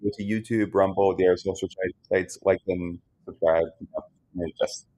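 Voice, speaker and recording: A slightly low-voiced man hosts a live stream in a loose, chatty way. He speaks straight to his viewers with an easygoing manner. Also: fairly even intonation, normal speed, dark tone. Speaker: host relaying audio rooms. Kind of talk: casual live-stream hosting.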